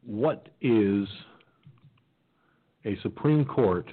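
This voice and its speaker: A man's voice: on the low side, animated, extremely slow, slightly rough. A man hosting a political talk radio show, rambling with many fillers and restarts, who says he has not eaten and may sound like his mouth is full. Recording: tinny phone-like line.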